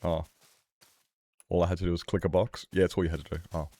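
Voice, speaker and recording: A man's voice: sits low, level tone, rapid-fire, warm tone, no room sound. A man streaming a game, rambling in casual chat with his viewers, swearing freely and laughing often.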